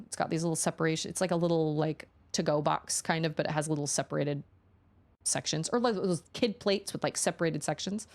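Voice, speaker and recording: A woman streamer talking casually with her viewers in a low, gravelly voice. She tells stories in a chatty way and acts out the lines she quotes. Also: fast. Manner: chatty storyteller acting out quotes.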